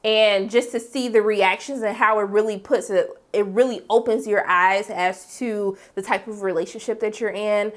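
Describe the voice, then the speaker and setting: A young woman reviewing a TV episode in a casual vlog, talking in a sassy, slangy way with big swoops up in pitch on exclamations. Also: steady tone, moderate pace, hardly any pauses. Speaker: TV show reviewer.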